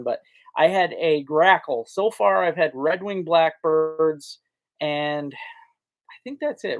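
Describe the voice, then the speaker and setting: Folksy fishing host, slightly high voice. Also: male voice. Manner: folksy, rambling, answers chat comments. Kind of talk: casual live-stream chat.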